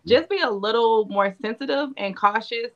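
A woman's voice: fairly high pitch, normal speed, highs cut off. A woman who has been on a reality show, earnestly cautioning viewers about their comments. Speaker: former reality show cast member. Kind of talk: casual chat.

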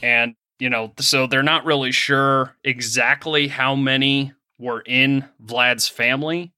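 A man's voice: medium pitch, fairly even intonation, slow, bright, forceful tone, clear, resonant tone, no room sound, clean studio sound. A young man from Pennsylvania co-hosting a podcast, reading through a history story casually and joking about his pronunciation. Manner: self-deprecating, reads history notes in an easygoing way. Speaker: podcast co-host.

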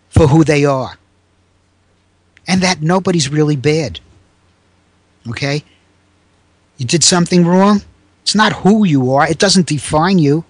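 An older man in his seventies tells a story from his teaching years with animated energy, raising his voice to play the people he quotes. His voice sits a bit high for a man, and the sound is dry and close. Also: no echo. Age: 70s. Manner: animated, raises pitch to act out quoted people. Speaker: guest, former teacher. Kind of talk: storytelling in a conversation.

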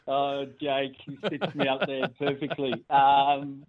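A Scottish-born man with an Australian accent talks finance in a matey, self-deprecating way. His voice is mid-pitched. It comes through a narrow, tinny phone line. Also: completely flat delivery, slow. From Scotland. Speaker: mortgage broker guest. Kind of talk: casual radio phone interview.

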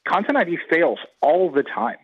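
This guest commentator in a radio interview is analytical and emphatic, talking in long stretches. His voice is a little high with big pitch swings, a breathy edge, and a moderate pace; there's no echo, but the radio line sounds dull and lo-fi.

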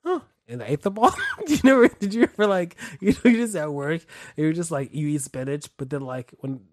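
An animated man swapping stories in a casual chat, swearing freely and breaking into laughter. His voice sits a little higher than most men's. The sound is close and dry. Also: no room sound. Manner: animated, profane, quick to laugh.

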